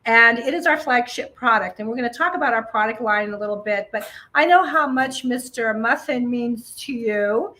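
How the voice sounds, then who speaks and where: Friendly middle-aged lady explaining stuff on a stream, highish voice, bright and forceful. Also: moderate pace, poor audio. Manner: friendly, explanatory, many ums. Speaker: guest, pet nutrition specialist. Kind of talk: casual interview talk.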